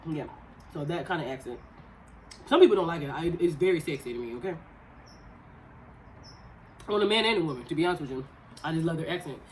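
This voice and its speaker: A woman's voice: low-pitched, lively intonation, fast talker, pauses often, slight background noise, rough recording. A woman in her thirties co-hosting a podcast, talking casually and animatedly over a meal, laughing often. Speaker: podcast co-host.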